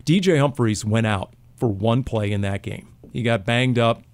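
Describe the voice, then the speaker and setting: A man co-hosting a sports podcast, telling animated stories and joking with his co-hosts in casual chat. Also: mid-range voice, normal speed. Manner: animated storyteller, jokey. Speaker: podcast co-host.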